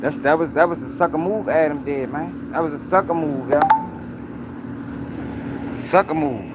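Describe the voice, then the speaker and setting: A man's voice: fairly high pitch, normal speed, very noisy. Emphatic man ranting on a livestream. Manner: emphatic, repetitive, addresses viewers directly. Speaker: news commentary host. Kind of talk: livestream commentary.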